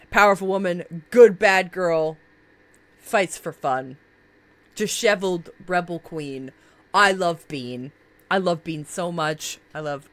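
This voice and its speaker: A woman streaming live in a casual chat, gushing about favorite characters, laughing often and swearing freely. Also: low-pitched.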